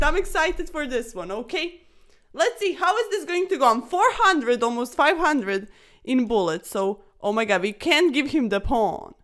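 Excitable bright-voiced woman commentating chess. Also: high-pitched, normal speed. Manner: excitable, chatty, keeps saying "sir", laughs often. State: breathless from talking fast. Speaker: chess streamer. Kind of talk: casual gameplay commentary.

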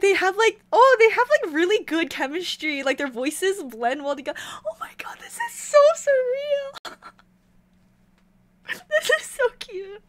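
Very high-pitched gushing woman. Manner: gushing, squealing, breathless exclamations. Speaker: YouTuber reacting to a music video. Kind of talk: excited reaction commentary. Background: faint pop music playing.

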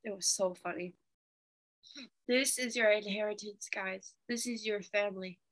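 A young woman teaching a Bible study, telling a testimony in an animated, chatty way with fillers. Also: medium pitch, moderate pace.

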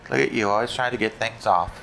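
A man's voice: fairly low pitch, quick pace, gravelly, sharp tone, slight background noise, poor audio. A man chatting casually on a video, joking around and laughing often. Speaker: video co-host. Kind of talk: casual chat.

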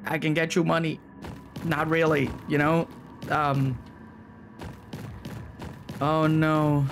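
A man's voice: a little high, level tone, slow, creaky, pauses often. A man giving panicky, joking commentary while playing a horror game, often pleading and talking to himself. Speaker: gaming video creator. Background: game music.

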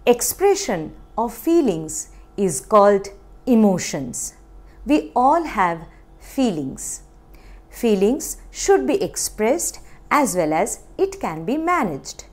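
A woman's voice: medium pitch, big pitch swings, takes it slowly, darkish tone. A woman teaching a kindergarten class in Indian English, asking the children many questions and having them repeat each word after her. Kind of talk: slow, sing-song teaching to young children.

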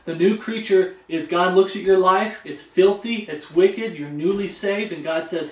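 Guy preaching a bible study, high-ish voice, sounds far from the mic. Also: a little slow, hardly any pauses. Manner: reads scripture aloud, keeps checking in with "Okay?". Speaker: pastor. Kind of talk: expository Bible sermon. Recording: echoey room, voice from a distance.

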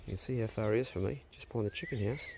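Racing along in a voice on the low side, a New Zealand man narrates wildlife he's filming with a handheld camera on his farm near native bush. Though he talks fast, his slangy commentary stays relaxed and laid-back, the style of a farm vlogger. Noise fills the background, including faint birdsong and outdoor sounds.

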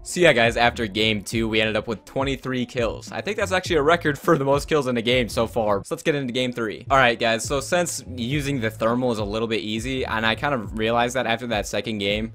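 A young man commentating his own gameplay, ranting about opponents and swearing often. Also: medium pitch. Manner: ranting, frustrated, swears a lot, yells at opponents. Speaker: gaming YouTuber.

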